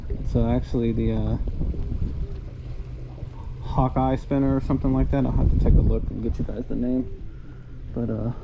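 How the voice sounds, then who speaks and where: A man's voice: medium pitch, level tone, normal speed, vocal fry, pauses often, muffled recording, background noise. A man vlogging a fishing trip from a boat on a lake, chatting to himself and the fish. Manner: talks to himself and the fish, thrilled shouting once hooked. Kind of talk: casual fishing vlog commentary. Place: on a boat on a big lake, outdoors.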